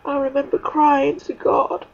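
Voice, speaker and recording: A woman giving an emotional spiritual testimony, halting, with many pauses and fillers. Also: sits high, flat delivery, vocal fry, a little mellow, lo-fi sound. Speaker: spiritual speaker.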